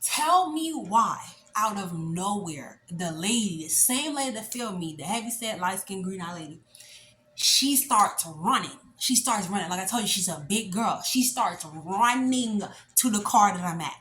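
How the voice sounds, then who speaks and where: A woman in her late twenties telling a story in a casual, animated, chatty way, full of fillers. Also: medium pitch, moderate pace, a little hiss or hum. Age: late 20s. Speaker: vlogger. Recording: echoey room with faint ambience.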